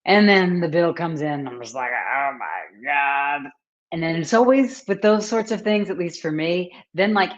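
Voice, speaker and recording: A woman hosting a casual live stream, chatting warmly and greeting viewers by name as she talks. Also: deep voice. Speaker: host, author and coach. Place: at home, book behind her. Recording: slightly dull, lo-fi sound.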